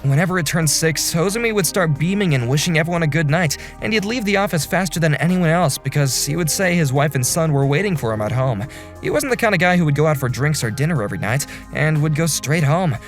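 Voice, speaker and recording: A young man voicing an earnest office section chief who narrates and talks in a calm, apologetic way in an animated drama. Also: a little high, fast talker, faint music behind, natural voice. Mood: narrating.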